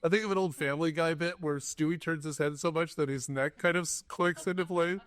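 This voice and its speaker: A man co-hosting a movie podcast, recapping scenes in a rambling, joking, animated way. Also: on the high side, brisk, no echo, clean studio sound. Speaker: podcast co-host. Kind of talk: casual movie-review chat.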